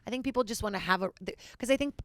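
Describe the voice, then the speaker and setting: A woman's voice: medium pitch, very fast, dry recording, studio quality. A woman comedian chatting as a podcast guest, candid and rambling, joking frankly. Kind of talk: casual podcast chat.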